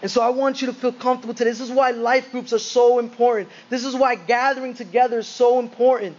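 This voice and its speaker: High-voiced male pastor preaching earnestly. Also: little pitch movement, fast talker. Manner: earnest, conversational preaching with rhetorical questions. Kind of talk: sermon. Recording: muffled lo-fi recording.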